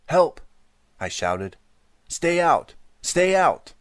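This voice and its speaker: A man voicing a terrified boy shouting for help in an audiobook. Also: low-pitched, fairly even intonation, brisk, dry recording, clean studio sound, lightly acted. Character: frightened boy, panicking, older brother.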